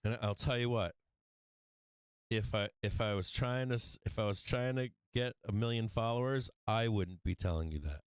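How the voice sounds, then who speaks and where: A man's voice: fairly low pitch, moderate pace, clean tone, no room sound. A man hosting a stock market livestream, talking casually and bluntly, swearing often and laughing a lot. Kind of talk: casual trading livestream talk.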